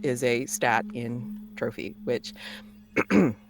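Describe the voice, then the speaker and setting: A game master running a tabletop horror game, halting with many restarts and sudden bursts of excited laughter. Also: medium pitch, vocal fry.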